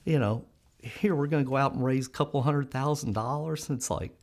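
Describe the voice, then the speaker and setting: A man's voice: mid-range voice, fairly quick. A middle-aged man telling stories in an interview, acting out what people said and laughing often. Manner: animated storyteller, acts out quoted voices, laughs often. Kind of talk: conversational storytelling interview.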